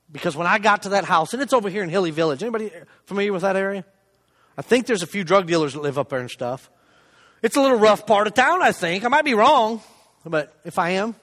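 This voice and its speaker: A middle-aged man with a notably high, light voice, delivering a sermon testimony in a church. He talks conversationally and pokes fun at himself, dropping to a hush for asides and rising for emphasis. Long reverb from the hall trails his words. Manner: conversational, self-deprecating, swings between loud emphasis and hushed asides. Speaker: lay preacher giving a testimony.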